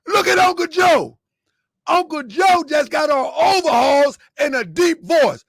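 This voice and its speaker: High-voiced man mocking in lively commentary. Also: slow, gravelly, no echo, clean studio sound. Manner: mocking, laughs often, rhetorical questions. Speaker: online commentator.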